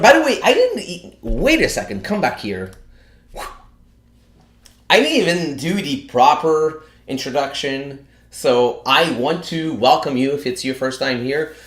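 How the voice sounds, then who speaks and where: A man chats casually through a live stream, piling up fillers and restarts as he goes. He sounds a little out of breath. The room around him is bare and echoey. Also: a little high. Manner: chatty, many fillers and restarts.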